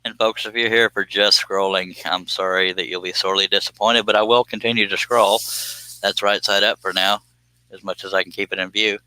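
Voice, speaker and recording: Folksy guy chatting on his live stream, low-ish bright voice, laughs at his own jokes. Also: fairly even intonation, a little fast, smooth, no room sound, poor audio. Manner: folksy, self-amused, chuckles often. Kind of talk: casual live-stream chat.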